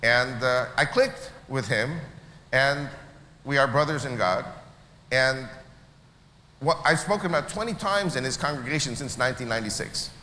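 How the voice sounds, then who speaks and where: Bright-voiced Israeli man in an echoey hall. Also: mid-range voice, normal speed. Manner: animated, acts out quoted voices. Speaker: speaker at a church meeting. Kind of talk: storytelling talk to an audience. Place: large hall. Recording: echoey hall with faint noise.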